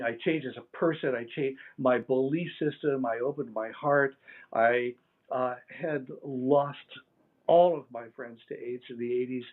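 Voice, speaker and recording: A middle-aged man telling personal stories as an interview guest, rambling and reflective with many fillers. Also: medium pitch. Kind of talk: casual storytelling interview. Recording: tinny phone-like line.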